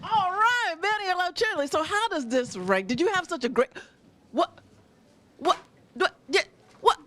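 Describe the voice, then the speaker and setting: A woman's voice: extremely high pitch, expressive, unhurried, fairly bright tone. A woman hosting a live stream from a restaurant, interviewing diners in a gushing, effusive way and laughing often. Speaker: roving host interviewing diners.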